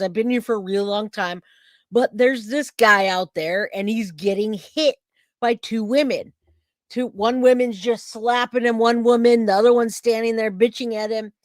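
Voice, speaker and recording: A middle-aged woman hosting a true crime livestream, chatting casually and telling a story with lively acted-out quotes. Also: on the high side, normal speed, dry recording, clean studio sound. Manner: chatty, animated storytelling, acts out quoted voices.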